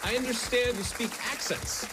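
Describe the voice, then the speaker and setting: A man hosting a TV game show, interviewing contestants in a playful, teasing way with deadpan jokes. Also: very high voice, normal speed, over a noisy crowd, heavy background noise. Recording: loud game show music behind.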